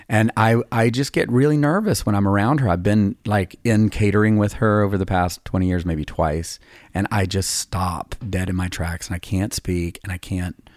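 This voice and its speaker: A man's voice: deep voice, gravelly, dry recording, studio quality. A man in his fifties, a songwriter hosting a podcast, telling long rambling stories in a casual, self-deprecating way. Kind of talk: casual storytelling chat.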